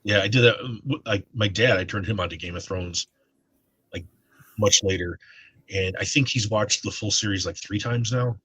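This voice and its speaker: Low husky male co-host, bright edge, rambling casual talk. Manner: rambling, halting with many restarts. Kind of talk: casual stream chat.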